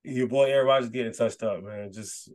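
A man's voice: mid-range voice, brisk, a little mellow. A man co-hosting a casual sports podcast, joking and teasing in a slangy way and laughing often. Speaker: podcast co-host.

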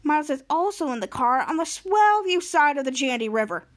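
High-voiced excited podcast host. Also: female voice, a little fast. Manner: excited, acts out characters' lines while retelling. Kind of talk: casual episode recap.

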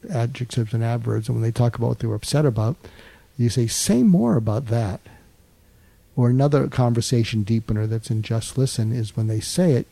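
An older man speaks as an interview guest, earnest and patient, circling back over his words with frequent "uh"s. His voice is dark and mellow with a gravelly edge. The sound is dry and close, with no room around it. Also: medium pitch, no echo. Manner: earnest, fills pauses with "uh", restarts and repeats words. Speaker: guest psychiatrist and author. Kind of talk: interview, explaining advice.

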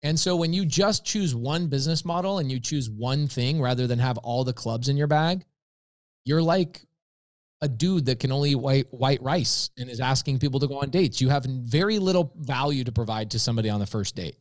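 A man's voice: medium pitch, brisk, dry recording, clean studio sound. A man telling a story as a podcast guest, acting out both sides of imagined conversations with lots of energy. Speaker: podcast guest, real estate investor. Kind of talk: animated storytelling with acted-out dialogue.

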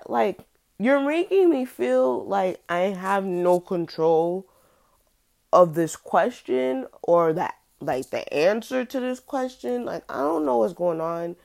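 A young woman telling a personal story in a casual, halting way, full of fillers and restarts. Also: fairly low pitch, very animated, vocal fry, a little mellow.

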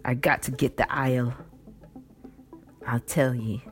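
A woman voicing an obsessed middle-aged whaling captain who speaks in gruff New England dialect, commanding and then pleading. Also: very deep voice, steady tone, a little slow, faint music behind.

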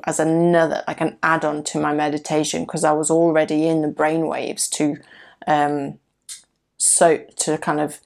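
A woman's voice: deep voice, vocal fry. A woman hosting her own podcast, talking casually, candidly and reflectively about her own experience. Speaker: podcast host. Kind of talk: casual solo podcast talk.

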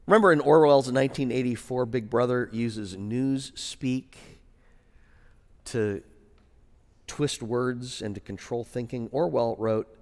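Brief: male preacher, middle pitch, chatty and wry, dropping low for weighty points, hall reverb. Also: slow. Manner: conversational, wry asides that drop low for serious points. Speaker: pastor. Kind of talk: sermon.

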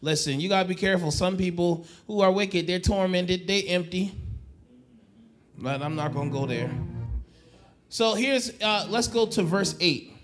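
A man's voice: sits high, moderate pace, soft background music. A male pastor preaching a sermon. He repeats and restarts phrases and calls on the congregation to answer back. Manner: swings from soft to loud exhortation.

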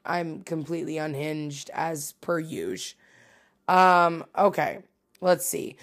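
A woman's voice: sits low, slow pace. A woman hosting a casual solo podcast from home, rambling and swearing as she mocks herself. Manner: rambling, profane, self-mocking. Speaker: podcast host.

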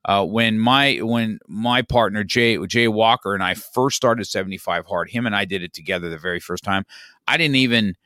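A man's voice: fairly low pitch, normal speed, sharp tone, no echo, studio quality. A middle-aged man, a podcast guest, telling a story in casual chat, rambling with many restarts and "you know, man.".

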